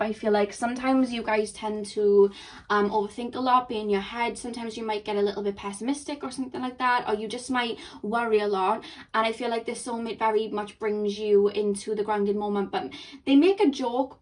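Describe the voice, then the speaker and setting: A young woman giving a chatty tarot reading, rambling and excitable, talking quickly. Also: fairly high pitch, recorded from a distance. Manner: excitable, rambling, talks fast. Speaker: tarot reader. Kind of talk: chatty intuitive card reading.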